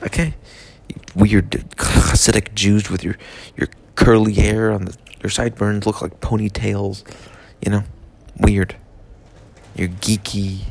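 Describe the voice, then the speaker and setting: A man's voice: on the low side, creaky, breathy edge. A man, intoxicated, delivering a rambling, profane comedic rant in a mock-serious tone.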